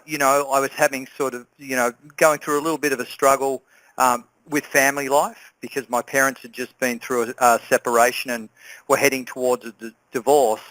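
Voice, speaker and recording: An Australian man speaks as the guest on a group call. His voice sits at a middle pitch and sounds dry and close. He is earnest, repeats himself for emphasis, and leans on fillers like "you know". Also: a bit bright, dry recording, poor audio. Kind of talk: telling a personal story on a group call.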